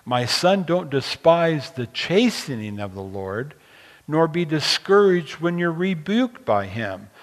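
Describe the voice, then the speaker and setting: A man preaching a sermon, going from loud, emphatic scripture reading to quiet, pastoral asides. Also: a little high, sing-song, slow, long reverb tail, rough recording.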